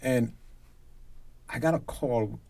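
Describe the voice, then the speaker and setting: A man from Jamaica with a Jamaican accent, a reggae concert promoter telling stories as a guest, lively and emphatic. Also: medium pitch, takes it slowly, vocal fry. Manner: lively storyteller who grows loud and emphatic. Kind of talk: animated storytelling in a conversation.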